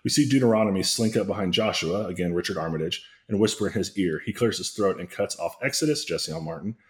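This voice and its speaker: A man's voice: low voice, fast. A man co-hosting a podcast, narrating a parody story in a casual comedic way, with asides and chuckles.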